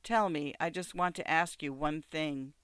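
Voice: mid-range voice, measured pace, fairly bright tone, smooth, dry recording, clean studio sound, natural voice. A reader voicing an exhausted beggar woman not yet forty, who asks questions with intense, secretive earnestness. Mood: earnest. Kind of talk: audiobook character voice.

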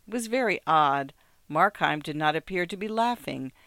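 A narrator reading classic fiction in a measured, even way. The voice is smooth and clean, with a dry, close sound and little room. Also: mid-range voice, no echo.

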